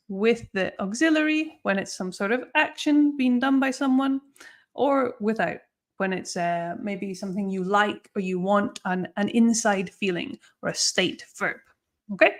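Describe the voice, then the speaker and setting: With a fairly high pitch, a woman walks learners through English grammar during a live online session. She stays patient throughout and frequently checks understanding with "okay?" and "no?".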